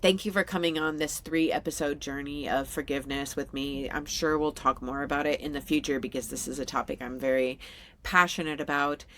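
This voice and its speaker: A low-pitched woman in her thirties talks alone into the mic for her podcast. She speaks candidly and with feeling, and she laughs often as she goes. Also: fairly even intonation, a bit bright, slight background noise. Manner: slow soothing guided meditation. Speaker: podcast host. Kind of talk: solo podcast monologue.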